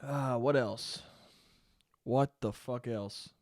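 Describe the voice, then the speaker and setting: A young man hosting his own podcast, ranting alone in a casual, profane, animated way and calling listeners "dude.". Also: medium pitch, slow, no room sound. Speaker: podcast host. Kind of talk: solo podcast rant. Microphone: studio mic he checks the levels on.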